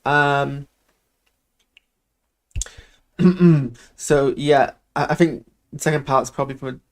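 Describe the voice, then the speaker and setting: A man's voice: mid-range voice, steady tone, a little slow. A man hosting a casual live reaction to a film trailer, rambling and hesitant with self-deprecating asides.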